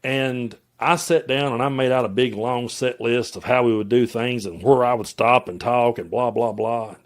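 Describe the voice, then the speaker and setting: A man's voice: mid-range voice, steady tone, moderate pace. Fired-up Tennessee man ranting to camera. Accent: Tennessee Southern. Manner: direct, emphatic, addresses viewers and politicians head-on. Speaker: political commentator and channel host. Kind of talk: impassioned political rant to camera.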